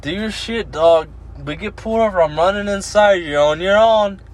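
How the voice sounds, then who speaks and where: A man's voice: sits high, normal speed. A man hosting a podcast in casual chat from a parked car, rowdy and profane, laughing often. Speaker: podcast host.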